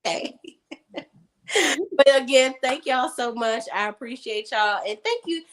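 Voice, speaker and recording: A woman from Maryland hosting a casual live chat about a TV show, talking warmly to viewers and laughing often. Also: sits high, measured pace. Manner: chatty, laughs often, calls viewers "y'all". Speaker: show review host.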